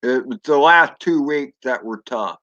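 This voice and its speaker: Rambling drone streamer guy, unhurried, muffled lo-fi audio. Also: mid-range voice, sharp tone. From Florida. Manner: rambling, chatty, reads chat aloud. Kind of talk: casual live-stream chat.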